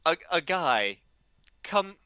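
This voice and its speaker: A man's voice: a little high, very animated, pushed and bright, clean tone, dry recording. A man telling a casual story, full of ums and restarts and acting out what people said. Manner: halting, full of ums and restarts, acts out quoted lines.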